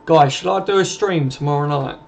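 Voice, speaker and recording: Gravelly and a little dark, the voice belongs to a young man speaking at a fairly high pitch and a slightly fast clip. He hosts a late-night live stream from his home, reading viewer comments aloud, answering them casually, and cursing freely, all over dull lo-fi audio with faint noise.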